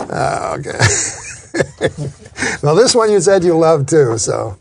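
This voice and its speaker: A man's voice: on the high side, vocal fry, slight background noise. A man hosting a comedy podcast, reading jokes aloud and teasing his co-host with mock outrage. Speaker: talk show host. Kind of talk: casual comedy podcast banter.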